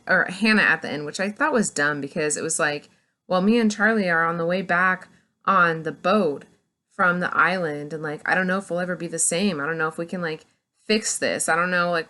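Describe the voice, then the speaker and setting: A woman giving a casual, chatty book review, retelling the plot with lots of "like" and quick acted-out bits of dialogue. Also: fairly low pitch. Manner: chatty and animated, retells scenes in quick acted-out snippets, heavy "like".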